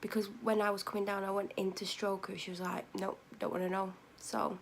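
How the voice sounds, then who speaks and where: A woman rambles through a casual vlog, tired and unhurried. Her voice has a gravelly, creaky edge at a middle pitch, and she often corrects herself mid-sentence. Now and then she sinks to a near-whisper. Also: little pitch movement, a little hiss or hum. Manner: meandering, self-correcting, drops to near-whispers at times. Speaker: vlogger.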